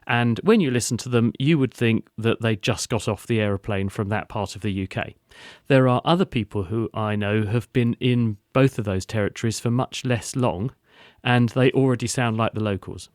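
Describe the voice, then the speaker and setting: A man's voice: mid-range voice, a little mellow, dry recording, clean studio sound. A man hosting a science podcast, explaining in a string of rhetorical questions and answers.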